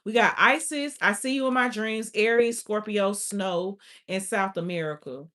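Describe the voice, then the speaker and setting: A woman's voice: mid-range voice, normal speed, fairly bright tone. A woman giving a casual spoken tarot reading, blunt and profane, with constant filler "like". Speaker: tarot reader.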